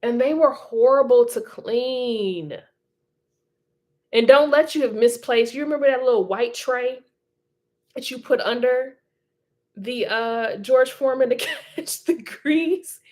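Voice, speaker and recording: A woman's voice: sits high, a little slow. A woman hosting a casual livestream, reading viewer comments in a chatty, encouraging way and laughing often. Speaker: livestream host.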